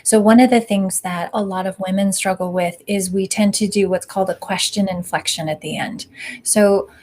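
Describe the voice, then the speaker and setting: A woman's voice: mid-range voice, steady tone, moderate pace, a little mellow, a little hiss or hum. A woman, a communication coach, answering a live online question in a thoughtful, explanatory way, sometimes correcting herself.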